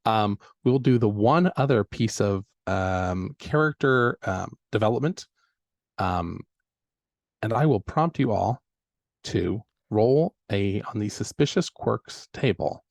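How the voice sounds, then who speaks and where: A man's voice: lowish voice, expressive, takes it slowly, vocal fry, dry recording, studio quality. A man acting as game master at a live tabletop event, chatty and upbeat, with frequent fillers.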